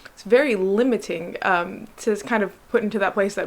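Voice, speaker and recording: A young American doctor and vlogger with a general American accent chats casually to camera, meeting claims with exasperated sarcasm. Her voice is mid-range and her pace moderate.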